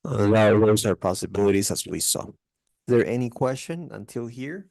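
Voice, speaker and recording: A man teaching English grammar online, explaining in a relaxed way with many fillers. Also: on the low side, normal speed, vocal fry, no room sound, rough recording. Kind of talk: online test-prep tutoring.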